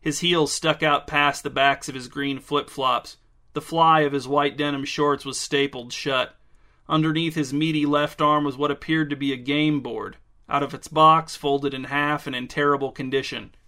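A man narrating a story in a dry, deadpan way. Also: fairly high pitch, normal speed.

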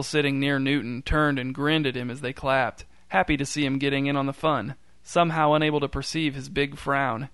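Male narrator, mid pitch, dry deadpan delivery, clean dry studio read. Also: fairly quick, few pauses, smooth, no room sound. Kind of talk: scripted story narration.

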